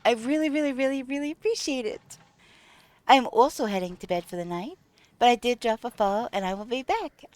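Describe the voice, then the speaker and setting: A woman's voice: on the high side, lively intonation, brisk, a little mellow, dry recording. A woman streaming a video game live, chatting casually with viewers, thanking them and talking through her gameplay with frequent ums. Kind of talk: casual live-stream chat while playing.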